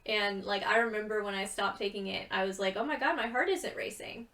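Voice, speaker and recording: A woman's voice: medium pitch, a little fast, a bit bright, far from the mic. A young woman chatting casually and rambling with giggles, tired from too little sleep. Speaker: gaming video creator. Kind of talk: casual chat over gameplay.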